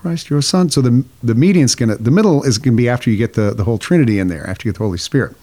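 A man's voice: medium pitch, expressive, rapid-fire, mellow. A man co-hosting a podcast, explaining liturgical chant step by step and singing short examples. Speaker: podcast co-host. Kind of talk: casual explanatory chat.

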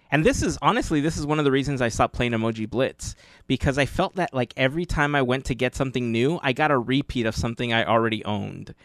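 A man's voice: mid-range voice, no echo, studio quality. Chatty male podcast host. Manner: chatty, rambling with fillers and restarts. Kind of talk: casual podcast chat.

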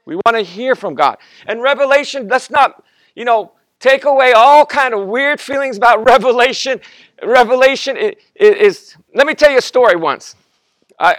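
A man's voice: very high-pitched, a bit bright, dry recording. A man in his fifties, a guest pastor, preaching a sermon and telling a personal story with acted-out quotes, stumbling and restarting often.

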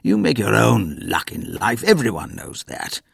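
A man's voice: lowish voice, sing-song, measured pace, vocal fry, husky, no room sound, studio quality, full character voice. A man voicing a blustering, scornful old grandfather who lectures his family in a storybook reading.

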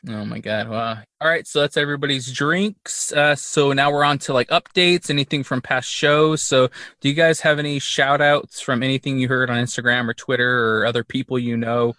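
Bright-voiced male podcast host. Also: mid-range voice, fairly even intonation, normal speed, dry recording, studio quality. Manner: rambling with many fillers and laughs. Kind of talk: casual chat.

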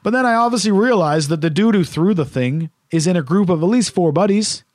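A man casually telling a story on a podcast, animated and full of swearing. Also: sits high, a little fast, dry recording, clean studio sound.

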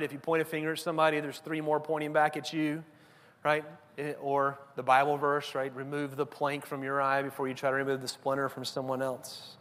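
A man's voice: fairly high pitch, fairly bright tone, big-room sound. A man preaching a conversational sermon, often checking in with the listeners. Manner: conversational preaching, tag questions. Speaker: pastor.

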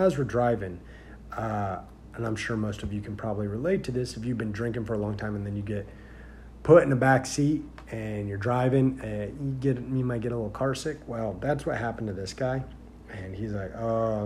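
Guy, sheriff's deputy type, rambling through a story with lots of uhs, average pitch, gets pretty loud and worked up. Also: a little hiss or hum. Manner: rambling with many fillers, grows loud and animated in retelling. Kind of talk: casual storytelling.

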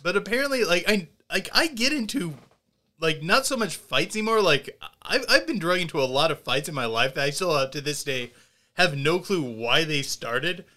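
A man co-hosting a podcast, telling stories in a laid-back, animated way. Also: fairly high pitch, moderate pace. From Indiana, US. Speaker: podcast co-host. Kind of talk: casual chat, storytelling.

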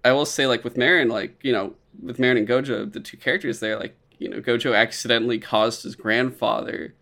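A man talks in a loose, casual podcast chat. His delivery is animated and he swears freely. He laughs often between remarks. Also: medium pitch, brisk, gravelly. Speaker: podcast co-host.

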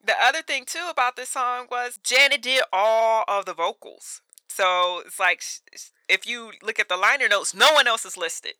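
A woman in her thirties with a very bright, high voice, co-hosting a casual podcast. She talks animatedly with lots of fillers and quick laughs. The sound is dry and close to the mic. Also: dry recording. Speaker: podcast co-host. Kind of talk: casual chat.

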